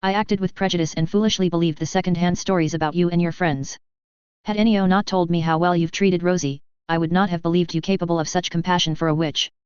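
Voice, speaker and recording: A woman reading as a calm old wizard. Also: lowish voice, smooth, dry recording, close to an everyday voice. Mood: patient. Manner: calm, formal and measured. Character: old wise headmaster wizard, calm and patient. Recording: dull dry lo-fi audio.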